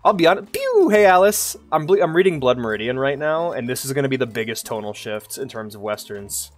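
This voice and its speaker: A man's voice: mid-range voice, animated, fast talker, faint music behind. A man streaming a video game, chatting casually, joking and laughing at himself often. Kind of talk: casual gameplay commentary.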